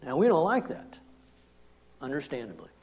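A man preaching a sermon, commenting on scripture in an emphatic way that swings from hushed to forceful. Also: medium pitch, wildly swooping pitch, moderate pace. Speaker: pastor.

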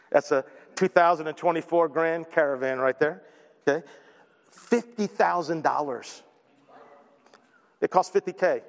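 A man's voice: fairly high pitch, a little slow, creaky, long pauses, in a large hall. A man preaching a sermon, joking and poking fun at himself between points. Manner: joking, self-deprecating asides. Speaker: pastor.

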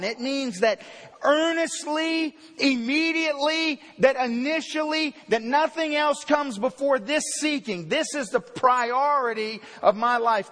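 A man preaching a sermon, emphatic and repetitive, swinging between loud declarations and quiet storytelling in a church. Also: extremely high pitch. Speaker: pastor. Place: church sanctuary. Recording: long hall reverb.

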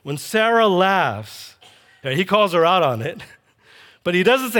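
A man with a notably high speaking voice delivers a sermon. He retells the scripture story with energy and puts feeling into the quoted lines as he reads them. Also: sing-song, unhurried, long pauses, a bit bright. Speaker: preacher.

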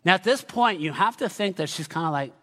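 A man's voice: sits high, expressive, a little fast, sharp tone, in a large hall. A male pastor preaching a sermon in a church, emphatic and often calling out to the congregation.

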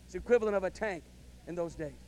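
A male pastor delivering a sermon, telling a story and building to loud, emphatic calls of amen. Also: sits high, rapid-fire.

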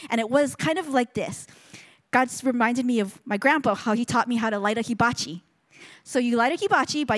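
A woman with a fairly high voice tells a testimony to a congregation. She speaks earnestly and in a storytelling way, often stopping and restarting her sentences. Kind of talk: sermon testimony.

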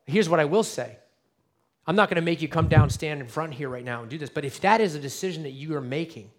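A man preaching an Easter sermon as pastor, earnest and direct, dropping to a hush and then rising to emphatic appeals. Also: mid-range voice. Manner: earnest, dynamic swings between hushed and emphatic. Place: church sanctuary.

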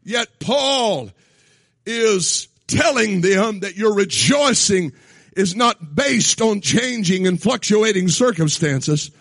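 A man preaching a sermon in a church, shouting his points, then dropping to quiet asides. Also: high-pitched, vocal fry, breathy edge, dry recording, studio quality. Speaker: pastor. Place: church sanctuary.

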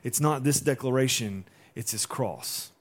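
A man's voice: medium pitch, measured pace. A male pastor preaching a sermon in a conversational way, using rhetorical questions and acting out quotes.

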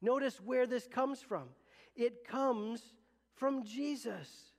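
Speaking slowly, a pastor with a strikingly high voice addresses his congregation in an earnest, conversational sermon, repeatedly circling back and starting phrases over. The church sanctuary lends his words a long reverb.

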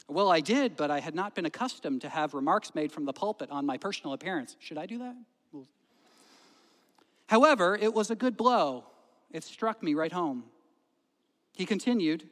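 Pastor preaching in an echoing hall. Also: male voice, on the high side, expressive, normal speed. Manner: storytelling, swings from loud to hushed. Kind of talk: sermon. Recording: long hall reverb.

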